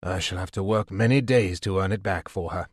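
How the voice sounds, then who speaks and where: Man doing a gruff, low-voiced wounded man. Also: a little fast, no echo, clean studio sound.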